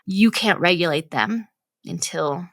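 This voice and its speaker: A mother in her thirties talks through parenting advice on a podcast, earnest and explanatory, with frequent "right?" check-ins. Her voice sits a little low and has a gravelly edge. The sound is dry and close. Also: unhurried, a bit bright, no room sound. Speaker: podcast co-host. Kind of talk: casual parenting chat.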